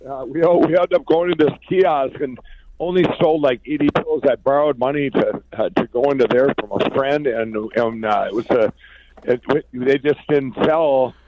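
A man from Minnesota, a company founder and interview guest, telling his story in a rambling, excited way with many restarts. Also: medium pitch, moderate pace, dull audio, a little hiss or hum. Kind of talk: conversational storytelling.

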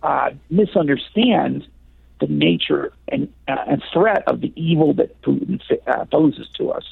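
A man's voice: on the high side, a little slow, vocal fry, breathy edge, dry recording. A man from the United States, an author talking through a radio interview with many fillers and restarts. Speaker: author guest. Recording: tinny phone line.

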